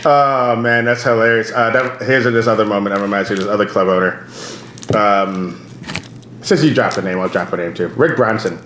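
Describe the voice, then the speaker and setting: A man's voice: lowish voice, moderate pace, fairly bright tone, slight background noise. Rambling, laughing male comedian host. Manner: rambling, laughing, acts out quotes. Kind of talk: casual storytelling chat. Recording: roomy echo with faint ambience.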